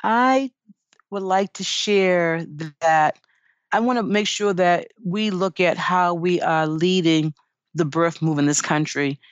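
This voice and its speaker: A woman's voice: lowish voice, slow, no room sound, lo-fi sound. A woman midwife giving earnest, encouraging advice in a podcast interview, often saying "you know". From United States. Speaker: midwife guest.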